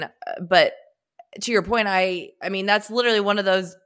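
A woman co-hosting a podcast in casual chat, slightly raspy from a head cold, chatty and loose with filler words. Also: lowish voice, fairly quick, a bit bright. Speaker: podcast co-host.

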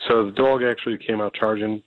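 Male radio caller, low and flat, tinny phone line, plain steady storytelling. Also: fairly quick, no echo.

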